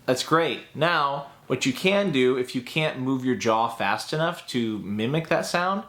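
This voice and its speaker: A man's voice: mid-range voice, unhurried, a bit bright. A man teaching a voice acting tutorial in an upbeat, chatty way that breaks into laughs at his own asides.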